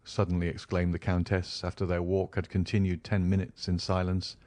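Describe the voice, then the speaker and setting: A man narrating a classic novel as an audiobook, in a measured, even storytelling manner. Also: low voice, no echo. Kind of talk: scripted narration.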